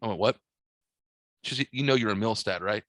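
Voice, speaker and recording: A man's voice: fairly low pitch, racing, a bit bright, no room sound. Profane man telling a rambling story. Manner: profane, rambling, acts out dialogue in his stories. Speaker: podcast host. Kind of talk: casual storytelling chat.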